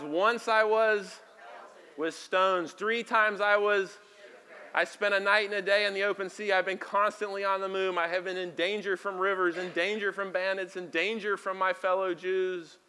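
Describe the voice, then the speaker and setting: A man preaching a sermon as pastor, talking conversationally and moving between quiet asides and loud, emphatic lines. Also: fairly high pitch, clear, resonant tone. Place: church sanctuary.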